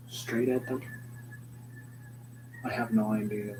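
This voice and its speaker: A man's voice: medium pitch, level tone, moderate pace, long pauses. A young man rambling through a joking, slangy, stream-of-consciousness vlog with loose swearing. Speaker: vlogger. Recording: noticeable background hum.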